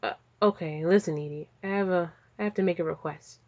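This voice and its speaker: A woman's voice: on the low side, a little fast, a little mellow, lightly acted. A woman voicing an awkward, flustered male starship pilot, hesitant and stammering, on slightly dull lo-fi audio.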